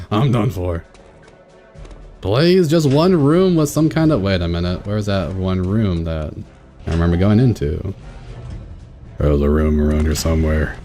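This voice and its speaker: In a low, darkish voice, a man casually commentates his own let's-play, thinking out loud and laughing often.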